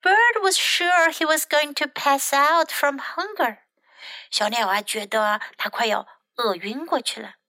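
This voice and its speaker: A woman teacher whose first language is Mandarin, reading a children's story aloud slowly and expressively, line by line in English and Chinese. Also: high-pitched, no room sound. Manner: slow, expressive read-aloud, sentence by sentence.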